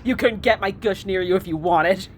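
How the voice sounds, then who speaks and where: A woman playing in a tabletop game, giggly and playful, reacting with quick exclamations. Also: mid-range voice, a little hiss or hum. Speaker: player. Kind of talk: casual tabletop role-play banter.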